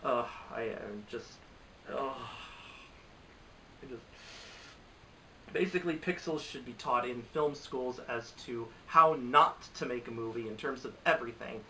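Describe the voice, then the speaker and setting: A man's voice: mid-range voice, unhurried, pauses often, sharp tone, far from the mic, a little hiss or hum, low-quality recording. A man giving casual, rambling, exasperated commentary on bad movies, often restarting his sentences. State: recovering from a cold. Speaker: movie reviewer.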